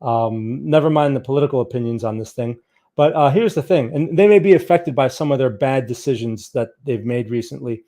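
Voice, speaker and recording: Speaking fairly quickly in a medium-pitched, dark voice, this man hosts a live trading stream. He takes viewer questions about market charts in a casual Q&A, reasoning aloud and often repeating himself.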